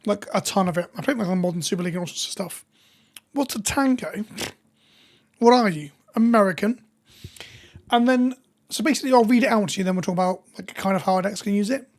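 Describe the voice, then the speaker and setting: A woman with a hoarse voice, chatting casually with viewers on a live stream. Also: medium pitch, quick pace, long pauses, darkish tone. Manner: chatty, reads viewer names and jokes with chat.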